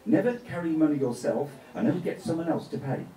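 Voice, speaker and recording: A man voicing God as a self-assured old man with an American accent, speaking calmly and with command, in a roomy space. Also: on the high side, quick pace, recorded from a distance, natural voice.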